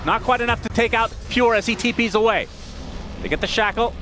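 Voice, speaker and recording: A man casting an esports match, calling the action in rapid play-by-play. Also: extremely high pitch, music in the background. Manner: rapid excited play-by-play calls. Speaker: esports caster. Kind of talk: play-by-play commentary.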